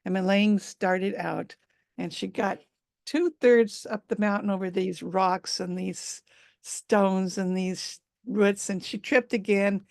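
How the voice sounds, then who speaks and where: A woman tells a folk tale at a live storytelling event, unhurried and chatty with fillers and asides. Her voice is gravelly in a middle pitch. The sound is dry and close. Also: steady tone, darkish tone, no echo.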